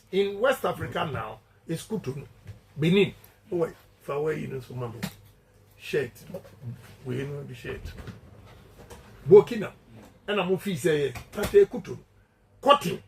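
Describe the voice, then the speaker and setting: The voice sits high, and the audio is poor. A Ghanaian-accented politician gives supporters an emphatic, declamatory campaign speech, repeating key points and alternating between English and Twi.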